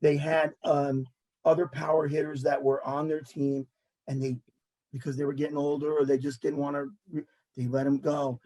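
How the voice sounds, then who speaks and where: High husky ranting man. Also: normal speed, low-quality recording. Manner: animated, ranting, mocking quotes. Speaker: sports talk show host. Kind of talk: casual sports chat.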